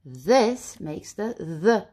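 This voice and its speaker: A woman teaching a phonics lesson to young children, repeating each word slowly and asking lively questions. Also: mid-range voice.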